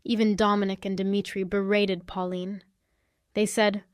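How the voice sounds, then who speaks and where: Woman, young adult, story narrator, sassy, confrontational, mid pitch, dry recording. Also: level tone, normal speed, clean tone, no room sound. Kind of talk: scripted first-person story narration.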